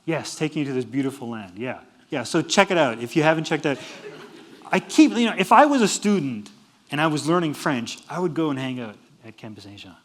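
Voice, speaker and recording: A man's voice: fairly high pitch, a little fast. Joking man giving a lecture. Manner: joking, animated, laughs at his own jokes. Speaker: university lecturer. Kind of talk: humorous public lecture. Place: lecture hall.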